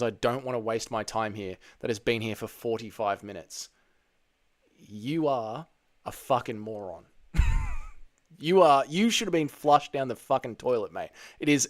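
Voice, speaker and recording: A man hosting a casual livestream, reading chat messages aloud and answering with crude, profane banter. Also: mid-range voice. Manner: crude, profane banter, calls people mate.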